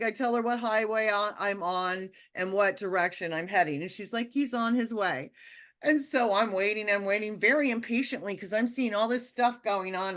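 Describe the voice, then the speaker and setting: A woman telling a personal story in a casual, animated way, with lots of fillers and restarts. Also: on the high side. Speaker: speaker sharing a personal testimony.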